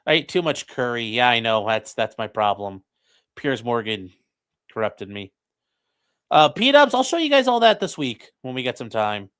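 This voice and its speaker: A man's voice: medium pitch, fairly bright tone. A young man hosting a late-night livestream, joking crudely and reading chat messages aloud from home. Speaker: livestream host reacting to a trial.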